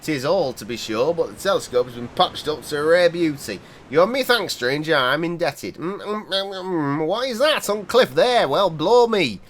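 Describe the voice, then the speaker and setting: A man voicing a weathered, superstitious old fisherman, reading game dialogue aloud in a gruff, folksy manner. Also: fairly high pitch, expressive, moderate pace, hardly any pauses, fairly bright tone, pitched above the performer's own voice.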